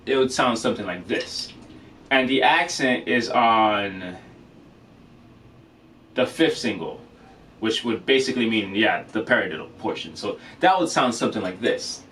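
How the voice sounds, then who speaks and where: A man giving a casual drum lesson, relaxed and chatty, with many fillers and frequent checks of "okay?". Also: mid-range voice. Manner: relaxed, filler-heavy, says "okay?" often. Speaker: drum teacher. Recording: distant mic with faint noise.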